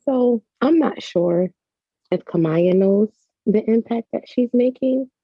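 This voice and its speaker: A woman's voice: on the high side, takes it slowly, no room sound. A woman, an author and mother, speaking earnestly and emotionally as an interview guest, restarting her sentences often. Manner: earnest, effusive, full of "like" and restarts. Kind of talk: heartfelt conversational interview. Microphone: video call. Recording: dull lo-fi video call audio.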